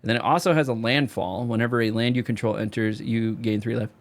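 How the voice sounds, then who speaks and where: A young man rambling casually through card reviews, his voice going hoarse and straining on high notes. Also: fast talker. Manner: loose, rambling, sings a repeated catchphrase. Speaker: card game video creator.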